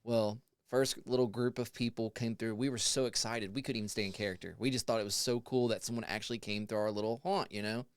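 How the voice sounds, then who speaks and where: A man in his forties with a smooth, resonant voice tells a story in a laid-back way. He swears casually, and the sound is dry and close. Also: on the low side, fairly even intonation, fast talker, few pauses, dry recording. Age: 40s. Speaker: podcast co-host.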